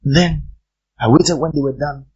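A man's voice: on the high side, a little slow, darkish tone, breathy edge, muffled recording. A man preaching a sermon, emphatic and repeating his phrases for effect.

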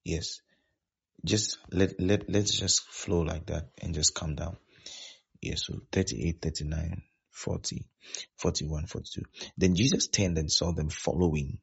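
A man's voice: sits low, steady tone, unhurried, creaky, husky. A man preaching a sermon as pastor, repeating his points and often asking whether his listeners are following. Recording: dull lo-fi sound.

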